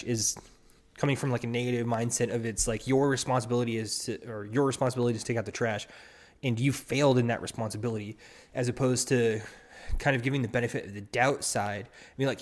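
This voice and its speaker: A man's voice: mid-range voice, a little fast. A man hosting a solo podcast, talking casually with many restarts and acting out quoted partners. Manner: rambling, restarts often, acts out quoted partners. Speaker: podcast host.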